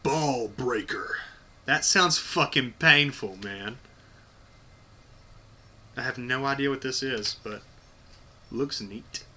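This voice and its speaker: Sharp-voiced man swearing casually. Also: medium pitch, takes it slowly, long pauses. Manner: blunt, profane, enthusiastic. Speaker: video host. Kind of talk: casual unboxing vlog.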